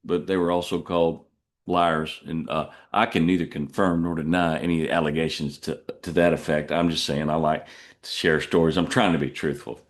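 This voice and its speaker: A man's voice: level tone, normal speed. A middle-aged man, a truck driver hosting a podcast, telling stories in a rambling, self-deprecating way with many restarts. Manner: puts on jumpy high voices when quoting people. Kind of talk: casual storytelling monologue.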